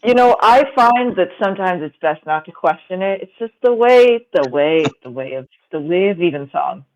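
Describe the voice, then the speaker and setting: A man's voice: high voice, expressive, normal speed, highs cut off. A man voicing a cryptic, unbothered townsperson who talks airily and evasively, as if online.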